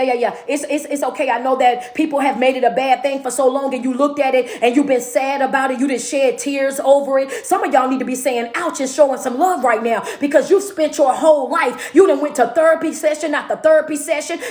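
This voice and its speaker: Woman, motivational speaker, call-and-response preaching, high voice, roomy echo. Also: darkish tone. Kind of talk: live-stream motivational talk.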